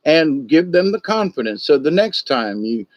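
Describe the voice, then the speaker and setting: A man's voice: on the high side, big pitch swings, normal speed, no room sound. Older man, folksy rambling storyteller. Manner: folksy, meandering, many filler asides. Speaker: livestream host. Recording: dull dry lo-fi sound.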